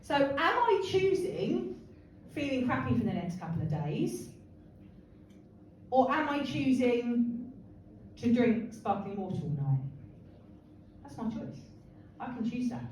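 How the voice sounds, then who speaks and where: A woman runs an empowerment workshop, her voice high and full of swoops. She chats with the room and laughs a lot. The mic sits far off in a booming hall with the crowd audible. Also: unhurried, long pauses, slight background noise. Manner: animated, chatty, laughs often, asks the room questions. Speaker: empowerment speaker running a workshop. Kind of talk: lively workshop talk to a group.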